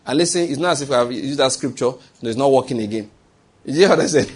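A man's voice: medium pitch, lively intonation, fast talker, slightly rough. A man preaching a sermon, emphatic, posing questions to the congregation and answering them himself.

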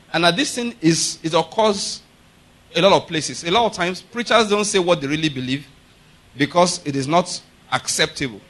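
In his sermon, a middle-aged pastor speaks emphatically with a high, bright voice. He often stops to ask the congregation whether they're with him and restates his points firmly.

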